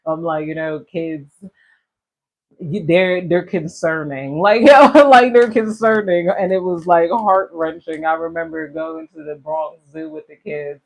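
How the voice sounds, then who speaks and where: A woman's voice: low-pitched, fairly even intonation, unhurried, vocal fry. A woman giving a casual tarot reading, rambling and slangy and laughing often as she talks. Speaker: tarot reader.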